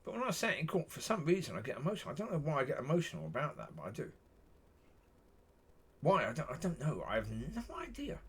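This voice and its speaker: A vlogger talks directly to camera in a loose, wandering monologue, looping back over the same points. His husky, somewhat bright voice swings widely in pitch.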